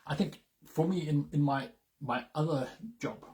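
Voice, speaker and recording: A man's voice: a little high, a little slow, a little mellow. A man with a Zimbabwean English accent, co-hosting a casual chat with his wife; earnest and reflective, with a dry sense of humour. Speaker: co-host, business partner.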